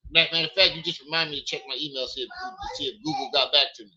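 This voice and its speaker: A man hosting a heated livestream, cursing and hammering out questions in a very bright, sharp voice. The stream audio sounds dull and lo-fi. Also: on the high side, steady tone, fast. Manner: angry, profane, repeated questions. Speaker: livestream host.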